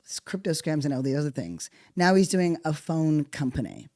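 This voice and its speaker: A podcast host talks alone into a close mic, sarcastic and profane, jumping between loud outbursts and hushed asides. The voice sits in the middle of the pitch range, and the sound is dry, with no room echo at all. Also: very animated, normal speed. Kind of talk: solo podcast monologue.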